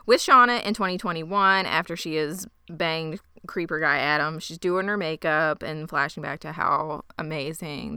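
Female co-host, snarky recap voice, smooth and bright. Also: sits low, moderate pace, few pauses, no room sound. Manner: snarky, animated retelling. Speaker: podcast co-host. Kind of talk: casual recap chat.

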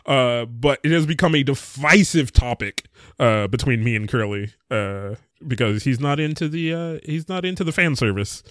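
A man's voice: medium pitch, moderate pace, no room sound, studio quality. A man hosting a casual podcast, joking around crudely and laughing with his co-hosts. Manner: jokey, crude, animated. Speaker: podcast host.

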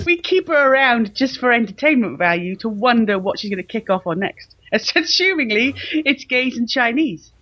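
A man's voice: extremely high pitch, lively intonation, normal speed, dry recording, highs cut off. A man co-hosting a comedy podcast over a call, cheeky and camp with frequent laughter. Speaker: podcast co-host. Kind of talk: casual comedic chat. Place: rural house in France. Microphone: remote call.

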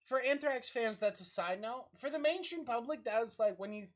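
Man, podcast co-host, casual chat, high voice, lots of fillers. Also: lively intonation, normal speed. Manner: explaining with many "like" and "you know" fillers.

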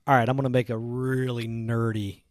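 A man's voice: mid-range voice, level tone, a little fast, no room sound, studio quality. A man co-hosting a youth ministry podcast, bantering playfully in a casual chat.

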